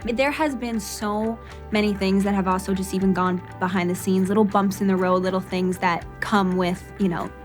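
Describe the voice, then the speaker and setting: A woman's voice: mid-range voice, fairly even intonation, moderate pace, faint music behind. A young woman in her twenties, a brand founder, talking casually and openly emotional in a personal vlog.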